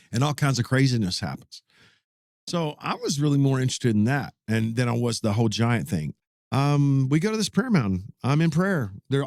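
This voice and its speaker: A pastor in his fifties telling a story in a casual interview, animated and folksy, often repeating his words. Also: mid-range voice, dry recording, clean studio sound.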